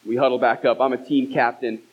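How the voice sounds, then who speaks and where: A man's voice: mid-range voice, little pitch movement, a little fast, breathy edge, phone-quality sound. A man in his thirties, a pastor preaching a sermon and telling a personal story, acting out the voices in it. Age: 30s. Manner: storytelling, acts out dialogue. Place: church hall.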